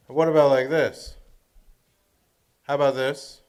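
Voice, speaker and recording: Slow-talking man testing his mic. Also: mid-range voice, smooth, soft background music. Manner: joking, loose, testing levels by repeating lines. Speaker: host. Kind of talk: casual mic check before a livestream.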